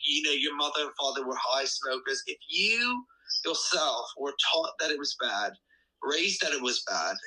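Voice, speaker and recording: Bright, husky-voiced man chatting earnestly. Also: medium pitch, poor audio. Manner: earnest, mock-lecturing. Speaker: podcast co-host. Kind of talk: casual podcast chat.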